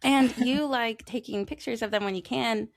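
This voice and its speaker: A woman's voice: a little high, moderate pace, creaky. A woman hosting a podcast, upbeat and affirming as she chats with her guest. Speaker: podcast host. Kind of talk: casual interview chat.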